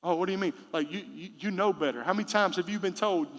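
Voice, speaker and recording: Male pastor, thirties, high bright voice, reverberant church hall, casual sermon with loud bursts. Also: fast. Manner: conversational preaching with sudden loud emphatic bursts. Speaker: senior pastor. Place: church sanctuary.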